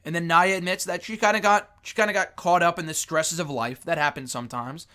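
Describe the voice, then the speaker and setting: A young man runs through a wrestling reality show episode in a loose solo review, swearing freely and dropping sarcastic asides. His voice sits a little high and comes across bright and forceful. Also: steady tone, a little fast. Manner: blunt, profane, sarcastic. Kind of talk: casual solo review monologue.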